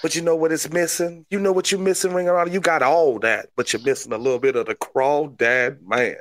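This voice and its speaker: A man's voice: on the high side, fairly even intonation, a little fast, natural voice. A man putting on a brash, swamp-bred Cajun wrestler, boasting in a drawling promo voice. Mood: hyped.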